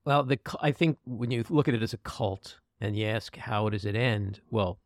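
A man hosting a casual political chat, animated, sarcastic and emphatic. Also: lowish voice, moderate pace, dry recording, clean studio sound. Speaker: podcast host.

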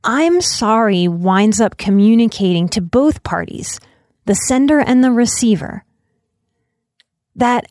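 A woman hosting her own podcast as a life coach and psychotherapist, talking through an idea in a measured way and slowing down to stress key phrases. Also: on the high side, lively intonation, a little mellow, dry recording, studio quality. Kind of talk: solo podcast talk.

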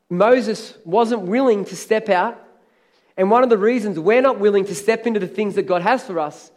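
A man's voice: high voice, darkish tone. A man preaching a sermon in a church, emphatic, repeating key phrases and calling out for amens from the congregation. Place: church hall.

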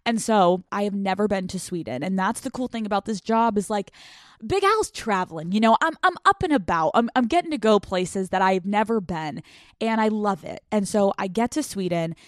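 Animated woman podcast host, dry mic. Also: mid-range voice, moderate pace, no room sound. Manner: animated, jokey, swearing storyteller. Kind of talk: casual monologue with profanity.

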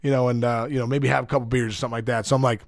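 A middle-aged man, a former ballplayer, telling animated stories as a guest in a casual podcast chat, laughing often and acting out quotes. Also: mid-range voice, very fast, no echo, studio quality.

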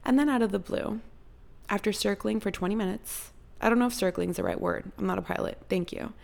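Young woman vlogger with vocal fry, chatty and theatrical, casual storytime. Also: medium pitch, a little fast, a little mellow. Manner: chatty and dramatic, heavy use of "like".

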